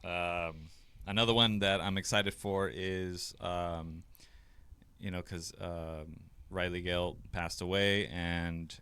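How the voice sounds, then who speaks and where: A man's voice: low voice, fairly even intonation, takes it slowly, pushed and bright, smooth, no echo. A man in casual podcast chat, rambling with many fillers and casual swearing.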